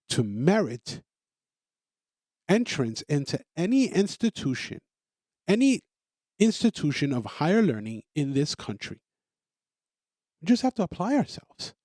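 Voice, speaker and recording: A man with a high, very lively voice that swings up and down as he pushes his points. He talks emphatically, circles back on his phrases and stumbles over restarts. The sound is dry and close, with no room around it. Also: dry recording. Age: adult parent. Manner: emphatic, repetitive, stammers on restarts. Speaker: podcast host. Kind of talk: opinionated monologue.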